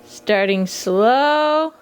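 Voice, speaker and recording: A woman vlogging casually about her own farm work, relaxed and chatty as she explains each hands-on step. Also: a little high, extremely slow, reverberant, faint music behind. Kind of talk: casual how-to vlog. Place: heated room on her farm.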